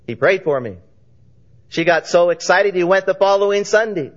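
A man preaching a sermon, telling a story with lively voices for its characters. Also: high voice, normal speed, muffled recording. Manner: animated storyteller, voicing characters in dialogue.

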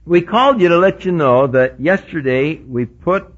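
A man preaching a sermon, telling a personal story and acting out the dialogue, dropping to quiet murmurs and rising to excited bursts. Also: on the high side, moderate pace, muffled recording. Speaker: pastor.

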